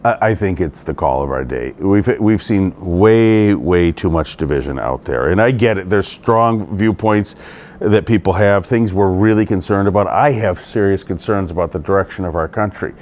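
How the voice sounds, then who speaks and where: A man's voice: deep voice, moderate pace, a little mellow. A middle-aged man, a state legislator, answering interview questions in an earnest, conversational way.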